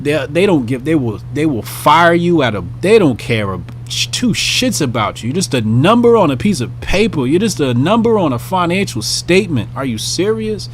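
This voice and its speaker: A man's voice: on the high side, normal speed, hardly any pauses, slight background noise. A man hosting his own commentary channel, talking bluntly and profanely in a casual monologue and acting out small scenes. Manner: blunt, profane, animated, acts out bits of scenes.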